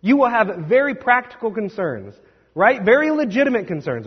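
A man's voice: high voice, sing-song, normal speed, slightly rough. A male pastor delivering a sermon in a conversational, emphatic way, with asides to the congregation, in a church. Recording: dull recording with long hall reverb.

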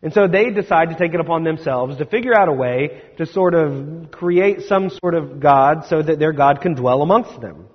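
A male pastor with a slightly high, slightly rough voice preaches at normal speed, barely pausing. He retells scripture in a conversational, storytelling way, asking the congregation rhetorical questions, and the recording comes from an echoey hall with a slightly dull sound.

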